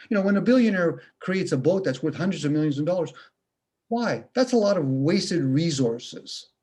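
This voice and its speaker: A man's voice: a little high, dark tone, breathy edge. A man ranting casually on a video call, blunt and profane, firing off rhetorical questions. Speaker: video call participant sharing views.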